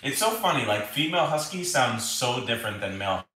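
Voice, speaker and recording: A man co-hosting a pet vlog, telling stories about his husky in a casual, playful way. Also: medium pitch, very animated, brisk, sharp tone. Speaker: pet channel co-host. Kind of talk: casual chat to viewers. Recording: very echoey room.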